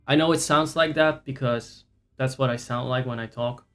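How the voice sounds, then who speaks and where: A male streamer talks loosely to his chat from a home setup, wandering between topics with dry sarcasm and frequent profanity. His pitch sits in an ordinary middle range, and faint background music plays underneath. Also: steady tone, moderate pace, a bit bright. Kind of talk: casual live-stream chat with viewers.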